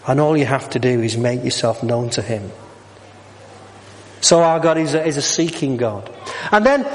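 A man's voice: mid-range voice, expressive, normal speed, pauses often, slight background noise. A middle-aged man preaching a sermon, asking the congregation questions and slipping in jokes. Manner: jokey, asks the congregation questions. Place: church. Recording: long hall reverb.

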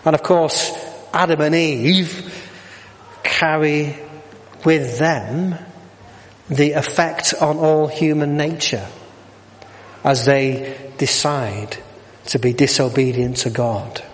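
A man's voice: fairly high pitch, takes it slowly, pauses often. Middle-aged guy preaching, jokey sermon, big echoey church. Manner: jokey, asks the congregation questions. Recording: long hall reverb.

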